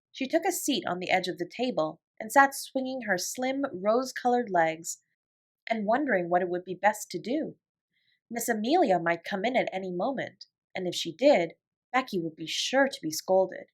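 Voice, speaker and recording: A woman narrating a classic children's novel as a bedtime story, in an expressive storytelling voice. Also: mid-range voice, normal speed. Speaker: audiobook reader.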